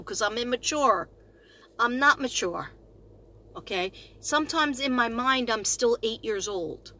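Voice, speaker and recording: A woman's voice: fairly high pitch, normal speed, pushed and bright. A woman in her fifties, a retired teacher, chatting in a rambling, bubbly way on her astrology vlog, laughing often. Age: 50s. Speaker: astrology vlogger.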